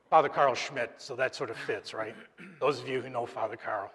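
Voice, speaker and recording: A man, apparently a deacon, giving a conversational sermon during Mass, halting and joking with the congregation. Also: medium pitch, a bit bright. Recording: long church reverb.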